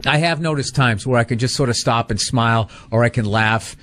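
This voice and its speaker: A man's voice: mid-range voice, brisk, a bit bright. A middle-aged man and stand-up comedian hosting a podcast, telling rambling stories in casual chat, acting out quotes and swearing freely.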